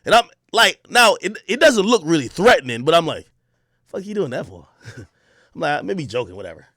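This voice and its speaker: A man streaming, telling a story in an excitable, profane way, shouting as he reenacts moments. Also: a little high, normal speed, no echo, studio quality.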